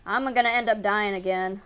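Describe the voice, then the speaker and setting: A woman giving casual let's-play commentary, excitable, yelping at enemies and muttering to herself. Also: mid-range voice, moderate pace, smooth. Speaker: gaming video creator.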